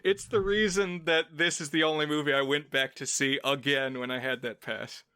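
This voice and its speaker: A man's voice: a little high, steady tone, moderate pace, sharp tone, clean tone, no room sound, studio quality. A man co-hosting a film podcast, chatting casually and explaining at length with playful asides. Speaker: podcast co-host.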